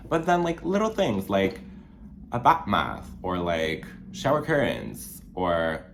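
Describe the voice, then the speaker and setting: A deep-voiced young man with a French Canadian accent chats casually to camera in his small studio apartment. He rambles, with frequent fillers and restarts, and his voice often leaps up before settling low again. Faint room ambience sits behind him. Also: huge pitch swings, slow pace, creaky, a little hiss or hum. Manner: rambling, many fillers and restarts, sudden jumps up in pitch. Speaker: vlogger. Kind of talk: casual chat while doing makeup.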